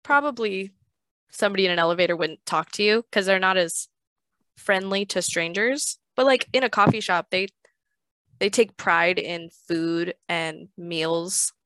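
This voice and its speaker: A woman's voice: on the low side, a little slow, a bit bright, no echo. A woman chatting casually on a podcast, playful and teasing, who has lived in France. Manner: playful, teasing, demonstrates French pronunciation. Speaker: podcast guest. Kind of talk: casual chat.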